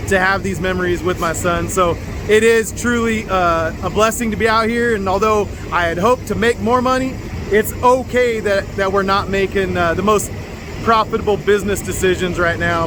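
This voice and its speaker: A man's voice: high voice, steady tone, normal speed. A middle-aged man, a truck driver, talking in a rambling, easygoing way to his video diary from his truck cab. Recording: vehicle noise behind the voice.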